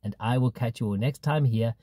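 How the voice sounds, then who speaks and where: A man in a car putting on a higher-pitched, theatrical English accent as a cheery, posh English gentleman. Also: a little fast, dry recording, studio quality, natural voice. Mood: jolly. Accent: put-on English. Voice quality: raised pitch, louder and more theatrical than his own voice.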